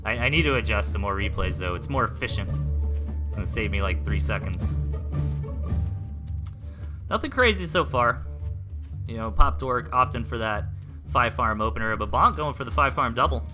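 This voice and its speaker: A young man from the Southern United States casting a game replay live, rambling through joking side chats between quick play calls. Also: mid-range voice, expressive, over music. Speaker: esports caster.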